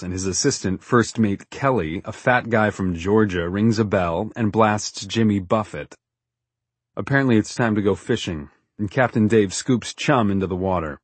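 A man narrates a first-person story in a low, husky voice, with a wry edge to his delivery. The sound is close and dry, without room echo. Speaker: audiobook narrator.

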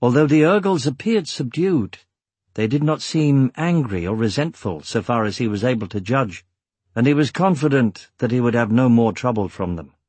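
A man narrating an audiobook with measured, steady storytelling. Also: medium pitch, breathy edge, no room sound. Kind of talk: scripted narration.

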